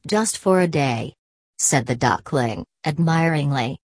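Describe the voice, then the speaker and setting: Low, slow woman storyteller. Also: a little mellow, no echo. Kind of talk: scripted storybook narration.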